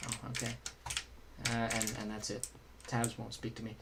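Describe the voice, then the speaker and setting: A man's voice: mid-range voice, little pitch movement, moderate pace, vocal fry, long pauses, fairly bright tone, slight background noise. Guy streaming a game, chatty and jokey, talking to chat while he plays. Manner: chatty and joking, answers chat mid-play. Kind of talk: casual gameplay commentary.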